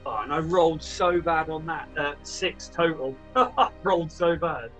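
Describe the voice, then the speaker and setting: A man's voice: a little high, measured pace, fairly bright tone, lo-fi sound, soft background music. A man playing a tabletop game over an online call, apologetic and unsure about the rules. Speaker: player. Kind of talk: casual tabletop game play.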